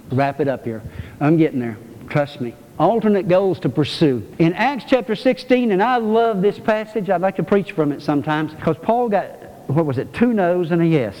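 A male pastor preaches a sermon to his congregation in a church, emphatic and repetitive. His voice sits high with a darkish tone, and the church hall gives the recording a lot of reverb.

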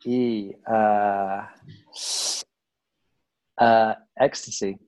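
A laid-back British man talking as a podcast guest, his voice sitting a little low. He rambles through his thoughts with plenty of "um" and "like," and laughs easily along the way. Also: drawn-out words, muffled recording. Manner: relaxed, rambling, laughs easily, many fillers. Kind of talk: casual chat.

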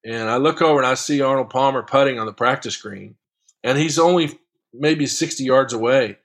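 A man tells a golf story as an interview guest, in a voice pitched squarely in the middle range. He talks in a relaxed, chatty way, chuckling now and then as he goes. The delivery stays loose and friendly, like an easy sit-down conversation. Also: brisk. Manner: lively, chuckling raconteur. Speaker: guest, long drive golfer. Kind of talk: casual storytelling anecdote.

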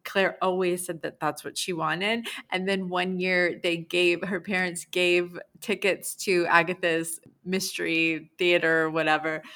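A woman from Long Island, co-hosting a podcast and telling a story in a lively, chatty way. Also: fairly low pitch, a little slow, few pauses. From Long Island, New York. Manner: animated storyteller, laughs and puts on voices. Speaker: podcast co-host. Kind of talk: casual storytelling chat.

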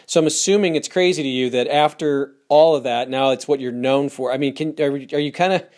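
A man's voice: medium pitch, fairly quick, a little mellow. Hesitant man asking rambling questions. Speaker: interviewer. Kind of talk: casual interview chat.

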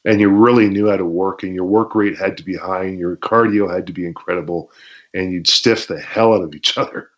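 Lively man telling wrestling stories. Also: low voice, brisk. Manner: animated storytelling, acts out shouts and crowd noises, laughs often. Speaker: guest, former pro wrestler. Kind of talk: storytelling interview. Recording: dull lo-fi sound.

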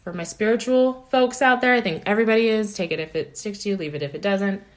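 A woman's voice: mid-range voice, quick pace. A woman life coach giving an earnest, encouraging motivational talk, often checking in with "right?".

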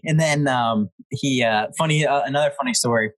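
Husky young man telling stories. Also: medium pitch, fairly quick, no room sound, rough recording. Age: 20s. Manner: laughing, animated retelling with quoted voices. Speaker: guest. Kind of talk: casual storytelling.

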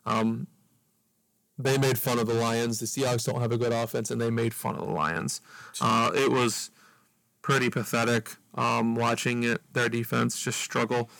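A man co-hosting a sports podcast, giving measured analysis with frequent ums. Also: mid-range voice, fairly even intonation, gravelly, a bit bright, dry recording, rough recording. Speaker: podcast co-host. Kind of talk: casual sports talk.

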